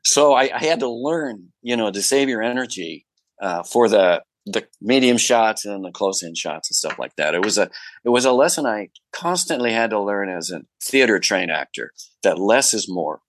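A low-voiced man being interviewed as an actor guest, telling lively anecdotes with lots of fillers and restarts. His voice is recorded close and dry. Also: normal speed, no room sound, low-quality recording. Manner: animated storyteller with many fillers and restarts.

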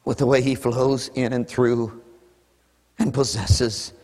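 A man preaching a sermon in impassioned, repetitive pleading prayers that swing from hushed to shouted. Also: mid-range voice, flat delivery, slow pace. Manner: repetitive, rhythmic calls. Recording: echoey hall with long reverb.

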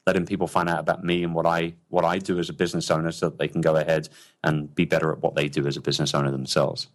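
A man's voice: a bass voice, flat delivery, very fast. A man from London, a business owner chatting as a podcast guest in an upbeat, jokey way. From England, London. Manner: upbeat, jokey, laughs often. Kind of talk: casual interview chat.

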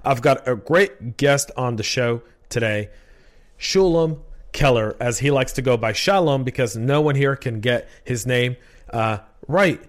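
A man's voice: medium pitch, measured pace. A man hosting a casual podcast interview, chatty and rambling, often repeating words. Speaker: podcast host.

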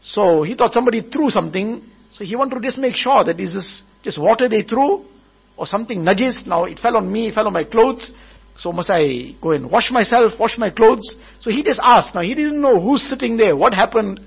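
A man's voice: high-pitched, lively intonation, fairly quick, vocal fry, breathy edge, lo-fi sound. A man preaching at a wedding gathering, telling a story and repeating each point several times. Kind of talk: storytelling sermon.

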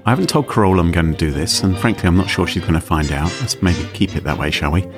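A man's voice: low-pitched, quick pace, music in the background. A man from Britain co-hosting a podcast, chatting in a playful, jokey and theatrical way. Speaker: podcast co-host. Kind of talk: casual podcast chat.

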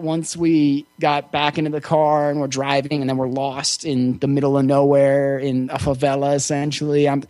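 A man as an interview guest, telling a personal story in a relaxed, reflective way with frequent fillers. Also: fairly high pitch, normal speed, few pauses, no echo. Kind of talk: casual storytelling.

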